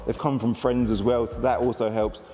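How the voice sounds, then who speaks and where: A man, a car dealer chatting excitedly to camera in a casual walkaround vlog. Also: mid-range voice, moderate pace, in a large hall.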